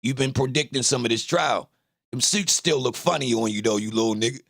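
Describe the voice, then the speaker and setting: A man's voice: medium pitch, fairly quick, creaky, a bit bright, dry recording, clean studio sound. A young man from Baltimore with a Baltimore accent, talking casually to his livestream chat, boasting and trash-talking. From Baltimore, Maryland. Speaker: livestream host.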